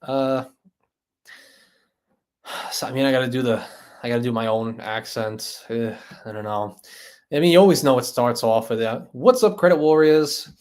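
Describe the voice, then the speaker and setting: A man's voice: medium pitch, normal speed, long pauses, a little mellow, clear, resonant tone. A man hosting a live stream, chatting loosely with viewers, laughing and trying out impressions of other creators. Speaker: host.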